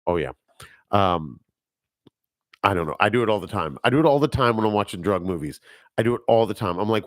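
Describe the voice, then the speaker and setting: A man's voice: low-pitched, sing-song, fast, dry recording, studio quality. A man hosting a podcast alone, chatting casually and rambling about movies, laughing at his own tangents into a microphone. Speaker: podcast host. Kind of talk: casual solo movie chat. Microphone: speaking into a microphone.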